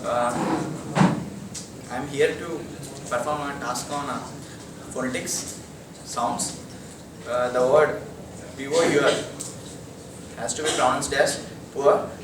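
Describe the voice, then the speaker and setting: A man's voice: mid-range voice, fairly even intonation, takes it slowly, long pauses. A young man presenting in class, spelling words in a hesitant recital with fillers. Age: young adult. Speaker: student presenter. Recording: echoey classroom from far off, noisy.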